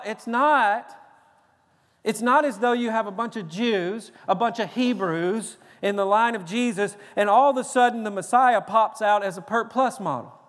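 A male pastor with a Tennessee Southern accent, preaching a sermon in a lively, joking, emphatic way with quick restarts. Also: very high voice. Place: large church sanctuary. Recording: long reverb of a large church hall.

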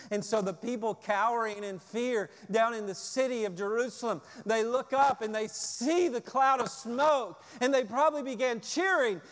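Male pastor, high voice, emphatic sermon delivery, long hall reverb. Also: normal speed. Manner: emphatic, repeats key phrases for stress.

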